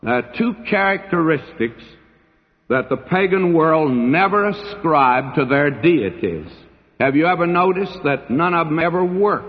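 A man preaching a sermon as a pastor, slow and deliberate, with dramatic pauses between phrases. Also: on the high side. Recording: dull old recording in a hall.

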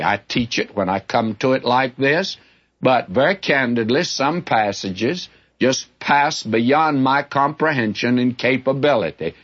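A man's voice: medium pitch, a bit bright. An older man teaching the Bible in a sermon, candid and folksy, telling stories from his own ministry. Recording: dull lo-fi recording.

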